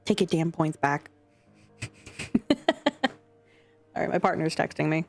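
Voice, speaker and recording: A young adult woman streams with faint music behind her, chatting casually and scatteredly with her chat and occasionally swearing. Her voice is low and a little slow.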